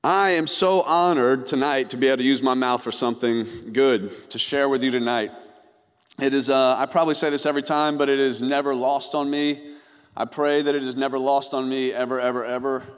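A man's voice: mid-range voice, fairly even intonation, a little fast, clear, resonant tone. A young man preaching a sermon, giving an earnest personal testimony that rises and falls in intensity. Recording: long hall reverb.

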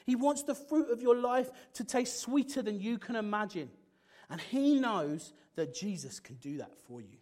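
A man preaching a sermon with passion, swinging from loud exclamations to hushed, intense moments. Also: high-pitched, animated, normal speed.

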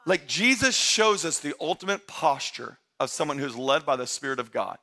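Male pastor, high-pitched and bright, animated sermon delivery. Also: normal speed. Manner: energetic, conversational preaching, swings from loud shouts to quiet asides.

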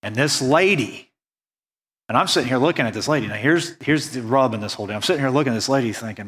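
A man from the United States preaching a sermon, earnest and conversational, slowing down to stress key points. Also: mid-range voice, a bit bright. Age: adult, went on a mission trip after high school. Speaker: pastor.

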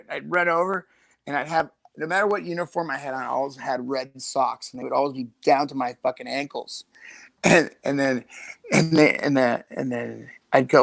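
Gravelly older guy swearing thru rambling stories, dry close sound. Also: mid-range voice, fairly even intonation, brisk, no echo. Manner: profane, rambling storyteller. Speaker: guest. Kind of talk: casual chat.

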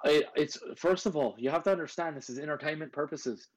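A sports podcast co-host with a fairly high voice talks fast, brash and riled up, cursing plenty in casual chat and sometimes putting on an accent. The recording is low quality.

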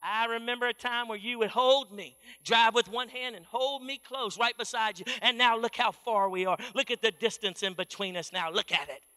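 A man's voice: very high-pitched, normal speed, few pauses, pushed and bright, in a large hall. A man voicing a weary old farmer's wife who reproaches her husband. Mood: wistful. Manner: pleading, reproachful.

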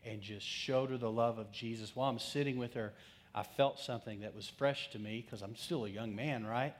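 A middle-aged man, a pastor, telling a personal story in a conversational sermon, swinging between lively asides and hushed moments. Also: lowish voice.

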